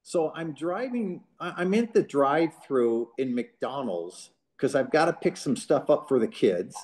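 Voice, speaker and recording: A man quoting a quiet, low-key male ballplayer in a casual retelling. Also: expressive, unhurried. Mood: amused.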